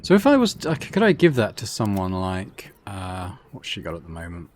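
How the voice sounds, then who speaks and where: A man's voice: low-pitched, wildly swooping pitch, fairly quick, a little hiss or hum. Laid-back man musing over a game. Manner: laid-back, musing, reads item text aloud. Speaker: gaming channel host. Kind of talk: casual let's play commentary. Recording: game audio with faint music.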